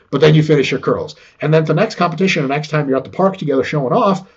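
A man in a casual podcast chat about training, talking in an animated, profane way. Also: fairly high pitch, fast talker, slightly rough, lo-fi sound. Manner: animated and profane, acts out quoted voices. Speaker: fitness podcast talker.

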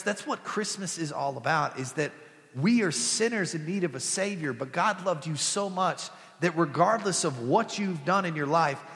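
A young male pastor preaching in a church with a slightly high, bright, forceful voice. He talks to the congregation in a loose, conversational way and slips jokes and family stories into the message. His voice carries a long, ringing reverb from the hall. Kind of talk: sermon.

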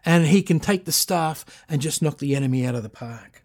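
A man's voice: on the high side, fairly quick. Emphatic middle-aged male pastor preaching. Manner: emphatic preaching, rising with repeated phrases; reads scripture aloud. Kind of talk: sermon.

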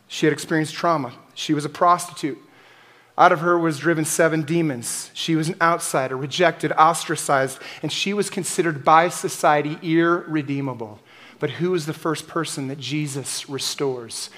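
A man preaching an Easter sermon as pastor, building to forceful emphatic peaks and dropping to quiet, intimate asides. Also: on the high side, normal speed.

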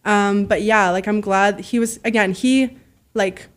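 A woman telling stories as a podcast guest, animated and freely swearing, acting out the voices of people she quotes. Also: medium pitch, a little slow. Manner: heavy use of "like" fillers. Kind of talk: casual storytelling.

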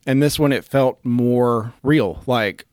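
Man, podcast guest, enthusiastic, lots of "like", medium pitch, dry recording. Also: takes it slowly, darkish tone, dry recording. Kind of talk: casual podcast chat.

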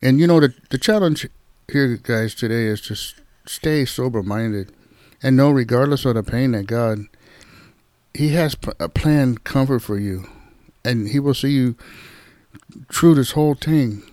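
A man giving an informal devotional talk as a Bible teacher, gentle and repetitive, often addressing listeners as "guys". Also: mid-range voice, measured pace, dry recording.

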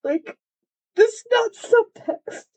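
A woman's voice: extremely high pitch, animated, takes it slowly, darkish tone. A young adult woman co-hosting a fan podcast, crying and gushing with laughter through her tears. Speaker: podcast co-host. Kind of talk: excited fan podcast chat.

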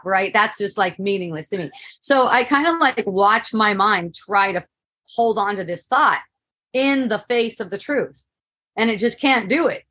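A woman's voice: medium pitch, animated, measured pace, pushed and bright. A middle-aged woman telling a personal story in a casual spoken monologue, laughing often and asking "right?" to keep the listener with her.

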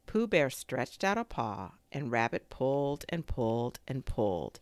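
Slow, expressive woman storyteller. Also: rumbling low, no room sound. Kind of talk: storybook reading.

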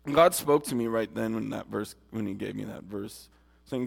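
A man's voice: on the low side, normal speed, gravelly. A man preaching a sermon and giving his testimony, earnest and emphatic, speaking straight to his listeners. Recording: long hall reverb.

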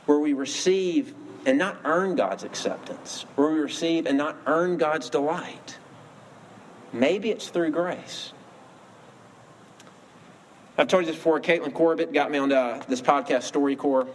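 A pastor preaches a sermon in an earnest storytelling style, raising his voice for emphasis. His voice is fairly high, with a measured pace and long pauses. Faint ambient noise sits behind him.

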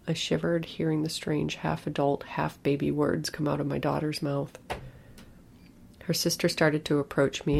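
A woman narrating a scripted horror story in a hushed, breathy way. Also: deep voice, flat delivery, normal speed, a little hiss or hum.

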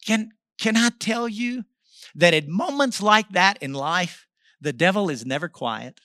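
A man in his fifties preaching with a high, very bright voice. He tells his story in a swinging delivery that climbs loud and drops to a hush. The sound is close and dry. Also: expressive, unhurried, no room sound. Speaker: pastor. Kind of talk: sermon.

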